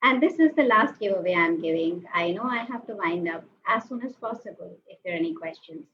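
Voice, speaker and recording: A woman giving a lively webinar talk, acting out quoted reactions and asking the audience to join in. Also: medium pitch, a little fast. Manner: animated, acts out quoted reactions, asks the audience. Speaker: webinar speaker. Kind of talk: lively motivational talk with acted asides. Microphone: webinar call mic. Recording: slightly dull audio with faint noise.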